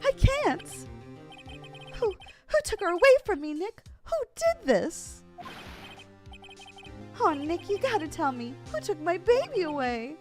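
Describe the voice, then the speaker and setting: A woman's voice: very high voice, sing-song, a little slow, pauses often, music in the background, pitched above the performer's own voice, heavily acted. A woman voicing a distraught, melodramatic young man in a video game, wailing and overwrought. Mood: anguished.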